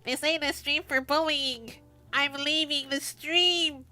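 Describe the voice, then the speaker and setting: A woman's voice: sits high, fairly even intonation, takes it slowly, pushed and bright, soft background music, voice pushed up, full character voice. A woman putting on the voice of a petulant, dramatic young man as she reads chat messages aloud. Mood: huffy. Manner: petulant, huffy.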